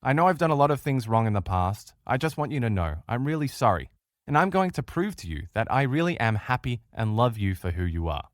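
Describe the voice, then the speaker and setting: Lively male relationship course instructor. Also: mid-range voice, a little fast, no echo, studio quality. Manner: animated, acts out quoted voices of others. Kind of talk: recorded audio lesson.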